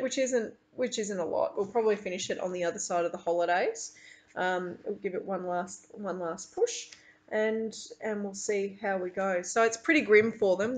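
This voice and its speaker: A middle-aged woman teacher, reading a novel to her class and thinking aloud about it. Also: medium pitch. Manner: thinks aloud with restarts and fillers when explaining.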